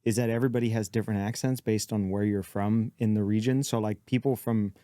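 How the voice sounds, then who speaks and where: Fast-talking Texan man, mellow voice. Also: fairly low pitch, steady tone, no room sound, clean studio sound. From San Antonio, Texas. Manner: quick joking interjections. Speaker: podcast co-host. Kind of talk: casual comedic chat.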